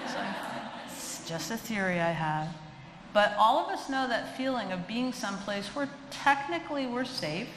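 Woman, middle-aged, dog trainer, humorous lecture, animated, echoey hall, faint background noise. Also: fairly low pitch. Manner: animated, chatty, acts out quoted voices.

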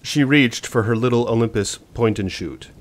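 A man narrating a novel as an audiobook, in a measured, suspenseful reading. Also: mid-range voice.

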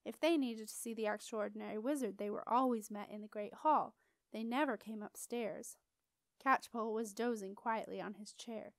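A woman reading a children's storybook aloud with expressive, lively storytelling. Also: a little high, normal speed, dry recording. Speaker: audiobook reader. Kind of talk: storybook narration.

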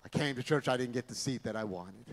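A gloomy pessimist grumbles and moans in a low, sour voice, as a preacher acts him out. The voice carries the long reverb of a large church hall. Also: male voice, fast, a little hiss or hum, natural voice. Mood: grumbling. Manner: grumbling, moaning.

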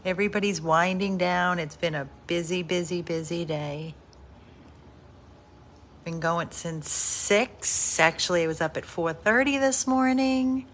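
Slow-talking woman from a dog rescue. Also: fairly bright tone, slight background noise. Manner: chatty, switches to high baby talk with the dog. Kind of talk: casual adoption video, talking to a dog.

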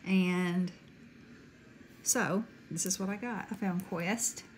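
Middle-aged Southern woman, unhurried, chatty craft vlogger, paper crinkling softly behind. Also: fairly low pitch, steady tone, slight background noise, rough recording. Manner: chatty, gushing, Southern-friendly. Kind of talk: casual haul chat.

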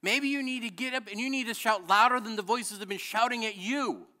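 A man's voice: extremely high pitch, brisk. Impassioned middle-aged man preaching. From Illinois. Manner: impassioned preaching that builds to shouting. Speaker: pastor. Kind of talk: sermon. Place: church sanctuary.

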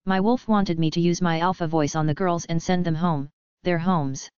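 A woman's voice: lowish voice, fairly even intonation, normal speed, a little mellow, clear, resonant tone, no echo, close to an everyday voice. A woman voicing a whiny, spoiled young woman in a dull, dry recording. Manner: whining.

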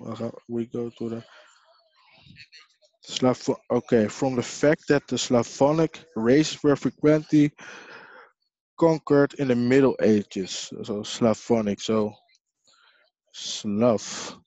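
Slow, mellow man with a rambling manner. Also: mid-range voice, no echo. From Haiti. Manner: rambling, halting, with frequent apologies. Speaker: video host. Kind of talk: casual reading of dictionary definitions. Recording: dull lo-fi sound.

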